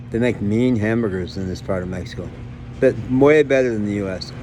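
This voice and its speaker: A man's voice: on the low side, lively intonation, moderate pace, darkish tone, slight background noise. An older man with a cold, rambling and chuckling as he talks to the camera outdoors near a city park. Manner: rambling, chuckling often, self-deprecating. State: has a cold, coughing. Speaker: travel vlogger. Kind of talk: casual self-filmed monologue.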